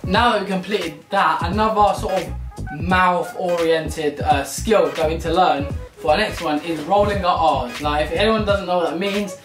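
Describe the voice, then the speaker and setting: A young man chatting excitably and joking through a challenge vlog. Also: high-pitched, normal speed. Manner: excitable, chatty, jokey self-commentary. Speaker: YouTuber. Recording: echoey room with loud music behind.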